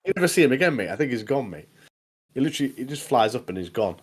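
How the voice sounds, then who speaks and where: A man co-hosting a podcast in casual chat, enthusiastic and halting, repeating words as he goes. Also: mid-range voice, big pitch swings, husky. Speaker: podcast co-host.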